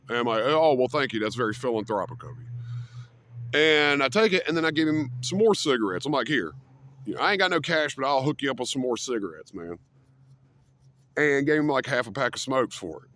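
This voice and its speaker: A man's voice: mid-range voice, fairly bright tone. A young man telling a rambling, profane story to camera as a casual rant. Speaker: vlogger.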